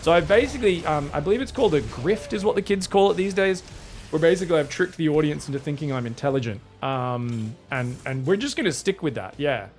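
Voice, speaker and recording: High-voiced excitable male caster, mock-British accent. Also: quick pace, faint music behind. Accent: put-on British over Australian. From Australia. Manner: excitable, jokey, bursts into loud high exclamations. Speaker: esports caster. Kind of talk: live game commentary.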